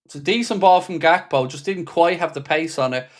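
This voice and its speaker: A man's voice: a little high, a little fast. A man hosts a live football watchalong and commentates as the match unfolds. He sounds openly exasperated and swears without holding back. Between calls of the play, he reads out and replies to messages from his viewers. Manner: frustrated, exasperated, swears freely. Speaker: fan channel host.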